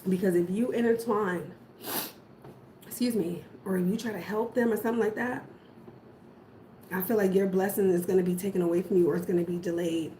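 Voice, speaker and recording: A woman's voice: medium pitch, fairly even intonation, brisk, pauses often, dark tone. Emphatic woman reading tarot. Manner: emphatic, repetitive warnings. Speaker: tarot reader. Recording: echoey room, faint background noise.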